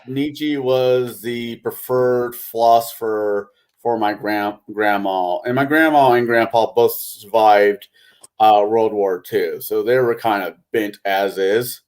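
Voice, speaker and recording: A man in casual chat, making quick joking asides, a little sleep-deprived. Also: lowish voice, darkish tone.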